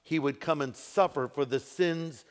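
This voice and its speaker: A pastor preaching a sermon, stressing key phrases and slowing down for emphasis. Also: male voice, fairly high pitch. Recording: echoey hall with long reverb.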